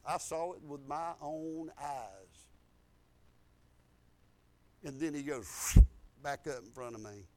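High-pitched man preaching a testimony. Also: takes it slowly, pauses often. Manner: animated preaching, swings from loud emphatic to low and quiet. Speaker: pastor. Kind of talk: sermon with personal testimony.

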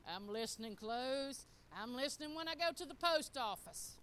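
Middle-aged woman preacher, high bright voice, folksy storytelling sermon. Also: moderate pace, a little hiss or hum. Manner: animated, folksy, acts out quotes.

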